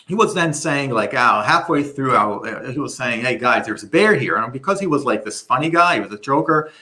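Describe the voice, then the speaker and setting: A middle-aged man presenting a webinar, telling a story in an animated way with many restarts. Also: medium pitch, moderate pace.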